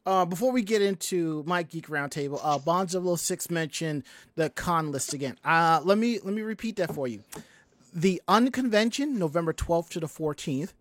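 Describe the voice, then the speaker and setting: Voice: mid-range voice, lively intonation, normal speed, no room sound. Podcast host; loose, rambling chat, dry close-mic read. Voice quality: rambling, many restarts. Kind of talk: casual chat.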